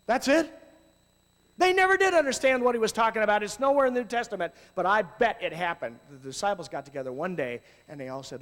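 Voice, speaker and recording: High-voiced, animated preacher in a hall. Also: male voice, fast. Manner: animated, swings between loud exclamations and low asides. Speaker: youth ministry speaker. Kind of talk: sermon.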